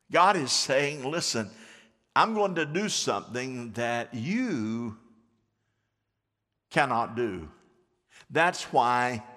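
A man's voice: medium pitch, a bit bright, big-room sound. A male pastor preaching a sermon, drawing the congregation into call-and-response with sweeping swings of voice. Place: church sanctuary.

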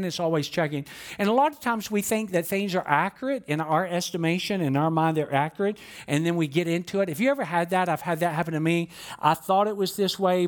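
A man preaching a sermon, telling stories with acted-out quotes and light humor. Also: a little high. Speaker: pastor.

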